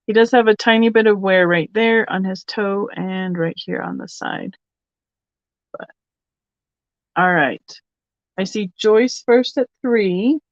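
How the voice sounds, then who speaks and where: A woman's voice: mid-range voice, takes it slowly, pauses often, no room sound. A woman hosting a live online vintage sale, chatting casually and thinking aloud as she shows items and takes bids. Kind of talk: casual live auction chat. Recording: slightly dull, lo-fi sound.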